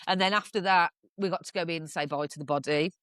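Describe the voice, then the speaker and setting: Frank woman with a low voice. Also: fast talker, dry recording, clean studio sound. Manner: frank storytelling with dark humor, swearing. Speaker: podcast guest. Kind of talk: casual podcast conversation.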